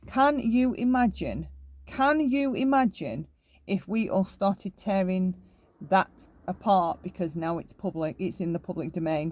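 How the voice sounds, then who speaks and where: Her voice medium in pitch and a little mellow, a woman hosts a commentary channel sharing opinions. She's emphatic and constantly checks in with "right?" after her points.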